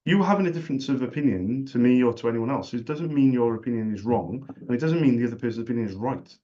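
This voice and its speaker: A man's voice: mid-range voice, fast, warm tone. A man who runs a small business, chatting casually and making a sales call, earnest and repeating himself as he talks. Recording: dull lo-fi recording.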